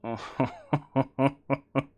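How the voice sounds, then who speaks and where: A man's voice: medium pitch, fairly even intonation, drawn-out words, darkish tone, slightly rough. A male streamer chatting casually with his viewers while playing, joking and laughing often. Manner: joking, laughs often, reads chat aloud. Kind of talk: casual live-stream chat while gaming.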